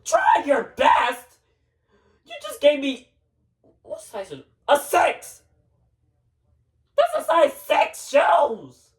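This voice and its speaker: A performer playing a hot-headed frog customer, shouting, indignant, lively swooping pitch, slow delivery. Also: vocal fry, recorded from a distance, full character voice. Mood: angry. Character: angry frog customer, short-tempered and loud.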